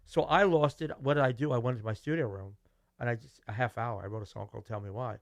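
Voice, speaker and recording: A man's voice: medium pitch, fast talker, no room sound, studio quality. A middle-aged man with a Brooklyn New York accent, telling stories animatedly as a musician guest in a casual interview. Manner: animated, acts out quoted dialogue, restarts.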